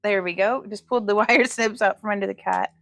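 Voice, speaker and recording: A woman's voice: medium pitch, steady tone, fairly quick, vocal fry, a bit bright, dry recording. A woman hosting a casual jewelry-making livestream from her home craft room, chatting with viewers, laughing often and cooing at her cat.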